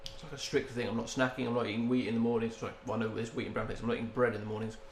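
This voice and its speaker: A man's voice: medium pitch, flat delivery, rapid-fire, slight background noise. Guy cohosting a chatty podcast from home, joking around, echoey room. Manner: joking, mock-exasperated banter. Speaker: podcast co-host. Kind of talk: casual chat. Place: at home, early morning. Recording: roomy echo.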